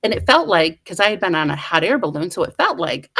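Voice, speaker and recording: A woman guest in middle age telling a story with lively, self-mocking humor, acting out the voices of the people in it. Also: lowish voice, quick pace. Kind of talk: animated storytelling.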